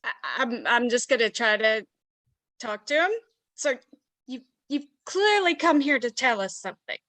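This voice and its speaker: A woman playing a tabletop game, speaking in a hesitant, halting way. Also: a little high, expressive, a bit bright, dry recording. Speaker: player.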